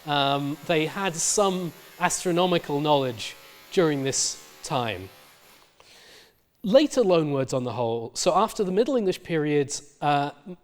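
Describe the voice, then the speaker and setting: A middle-aged male university lecturer explaining word history in a recorded lecture, with many fillers and restarts. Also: on the high side.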